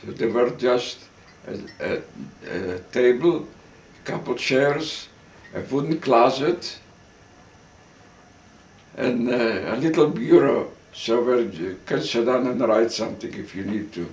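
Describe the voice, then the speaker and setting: An older man giving oral history testimony as a survivor, telling his story slowly and haltingly with restarts and occasional coughs. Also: mid-range voice, expressive, a little mellow, distant mic. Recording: roomy sound, speaker off-mic.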